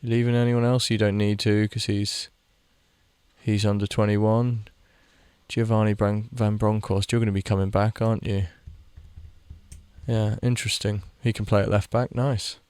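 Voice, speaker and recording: A man's voice: fairly low pitch, little pitch movement, moderate pace, a little mellow, clean tone, dry recording. A young man giving rambling, casual commentary while playing a game, swearing freely and chatting to the players on screen. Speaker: gaming video creator.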